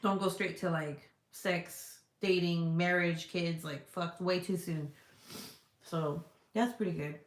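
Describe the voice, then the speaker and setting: A woman's voice: lowish voice, fairly even intonation, slow. Chatty, swearing woman in an echoey room. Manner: chatty, swears freely, lots of "like" fillers. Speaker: vlogger reading viewer comments. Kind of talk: casual chat.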